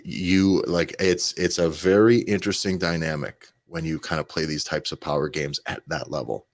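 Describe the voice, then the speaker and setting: A man with a very deep voice talks on a casual podcast, driving his points home with emphatic lists. His delivery is dry and close-miked. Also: fairly even intonation, moderate pace, dry recording. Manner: emphatic, listing points in bursts. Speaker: podcast co-host.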